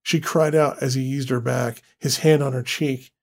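A man giving a scripted horror story narration in a slow, deliberate, dramatic way. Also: medium pitch, steady tone, vocal fry.

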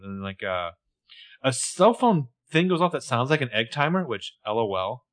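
A man in casual podcast chat, breaking down a TV episode scene by scene with lively energy. He drops into quick, playful voices for the characters' lines. His voice sits at an ordinary middle pitch. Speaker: podcast co-host.

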